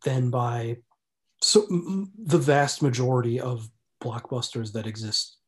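A man co-hosting a podcast, discussing films in a measured, hesitant way with frequent restarts, over a remote call. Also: mid-range voice. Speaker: podcast co-host. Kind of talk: casual film discussion.

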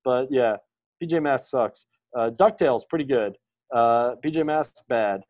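A man in his thirties co-hosting a podcast in casual chat, animated, swearing a lot and full of fillers. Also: mid-range voice, measured pace, muffled recording. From Maryland, USA. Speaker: podcast co-host.

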